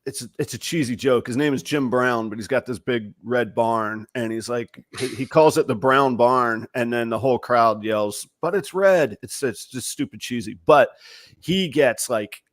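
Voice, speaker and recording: Middle-aged host guy, mid pitch, dry close mic, animated and a bit salty. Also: moderate pace, dry recording. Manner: animated, swearing storyteller. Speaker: podcast host. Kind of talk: casual podcast chat.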